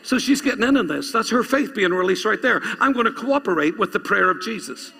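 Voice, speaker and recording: A man's voice: high-pitched, animated, a little fast, gravelly, sharp tone, husky. A male pastor preaching a sermon, reading scripture aloud and urging the congregation to repeat lines after him. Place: church. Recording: long reverb of a church hall.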